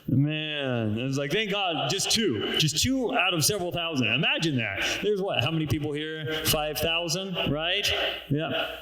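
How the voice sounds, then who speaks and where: Brief: male preacher, casual joking sermon, slightly high voice, booming echoey room. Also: lively intonation, moderate pace, bright, forceful tone. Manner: joking, conversational, chuckles at his own jokes. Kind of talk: casual sermon with scripture reading.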